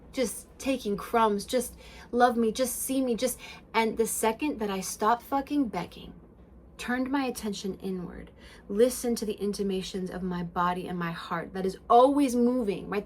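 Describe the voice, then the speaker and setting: A woman talks straight into her own podcast in an emphatic spiritual self-help monologue. She swears freely and swings between loud bursts and hushed passages. Her pitch sits in the middle range for a woman. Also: a little hiss or hum. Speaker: podcast host.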